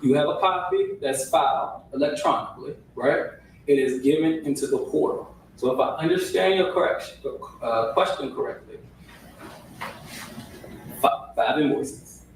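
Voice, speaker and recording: A man's voice: on the high side, normal speed. A man testifying as a records custodian in court, hedging his answers and checking in with "right?". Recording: echoey room audio from far off, faint hiss.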